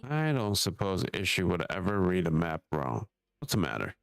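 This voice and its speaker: A man's voice: low-pitched, very animated, normal speed, gravelly, clear, resonant tone, no room sound. A young man live-streaming a video game, chatting casually and reading the story's dialogue aloud, swearing offhandedly at his own slip-ups.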